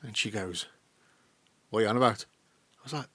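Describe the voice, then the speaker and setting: Animated sweary man. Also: medium pitch, fairly quick, long pauses, slightly rough, no echo. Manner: animated, sweary, laughs often, acts out voices in anecdotes. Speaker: podcast co-host. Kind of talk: casual storytelling chat.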